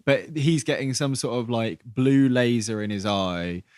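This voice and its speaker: A man's voice: medium pitch, measured pace, smooth, no echo, studio quality. A man co-hosting a podcast, chatting casually about a film and often trailing off mid-thought. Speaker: podcast co-host.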